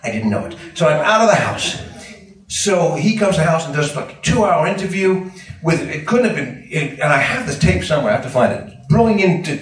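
A man in his sixties telling a casual anecdote in a rambling, halting way. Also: a little high, sing-song. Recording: echoey room, distant mic.

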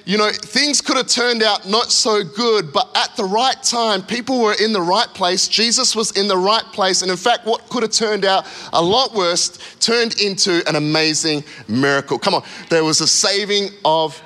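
A man in his thirties preaching in a church, telling a story with lively acted-out voices before a sermon. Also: sits high, moderate pace, few pauses. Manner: animated storyteller, acting out voices. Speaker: pastor. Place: church hall.

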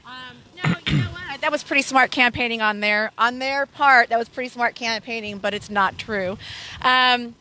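Lady volunteer talking outdoors, higher bright voice, rambly and repeats herself, faint noise. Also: normal speed, poor audio. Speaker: campaign volunteer. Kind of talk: casual interview answers.

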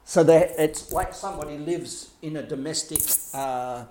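A man's voice: a little high, normal speed, dark tone. A man talking as a life coach, explaining ideas in a blunt, colourful way with swearing and mimicked sounds. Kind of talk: casual explanatory talk.

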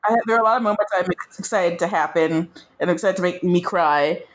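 A woman's voice: lowish voice, brisk. A woman co-hosting a podcast, retelling TV scenes in a wry, joking casual chat. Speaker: podcast co-host. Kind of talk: casual chat recapping a TV episode.

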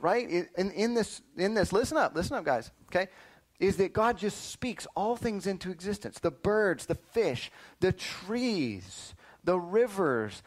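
A man teaching a lively Bible lesson to children, quizzing them and often calling "listen up" to get their attention. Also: high voice. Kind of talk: animated Sunday school lesson.

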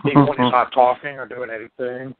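A man in casual movie-talk mode, loose and rambling, swearing without a second thought. His voice sits at an ordinary pitch and comes through narrow and tinny, like a phone line. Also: steady tone, fairly quick. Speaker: podcast co-host. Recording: tinny phone-like band-limited sound.

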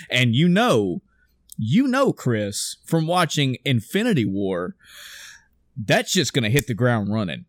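A man in his thirties, excitably talking in a casual chat, swearing freely and acting out scenes. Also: mid-range voice, a little slow, no room sound, studio quality.

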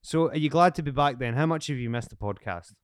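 A man who talks quickly in a smooth, crisp voice, recorded dry and close. He hosts a podcast with a cheeky, sweary, teasing manner. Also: mid-range voice, no echo. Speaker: podcast host. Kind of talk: casual podcast chat.

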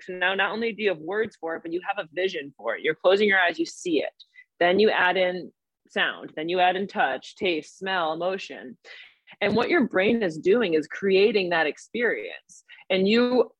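A woman with a New York accent, a mental performance coach explaining things step by step in an energetic podcast interview. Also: fairly low pitch, dry recording. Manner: energetic, explains in steps with examples.

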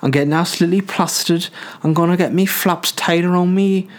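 Man mocking a shrill brash party girl. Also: fairly even intonation, a little fast, close to an everyday voice. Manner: crude, shrill, boastful. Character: loud brash young woman heading out partying.

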